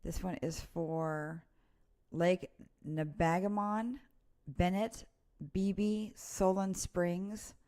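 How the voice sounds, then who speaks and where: A woman's voice: lowish voice, fairly even intonation, extremely slow, mellow. A woman giving a casual live severe weather update, chatty and informal as she walks through radar warnings. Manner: chatty and informal, reading place names off radar. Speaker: weather presenter.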